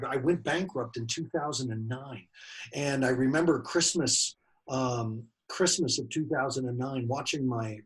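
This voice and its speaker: A man's voice: mid-range voice, darkish tone, rough recording. A man in his late forties giving a personal motivational talk, emphatic and fond of repeating key phrases. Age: late 40s. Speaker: motivational speaker.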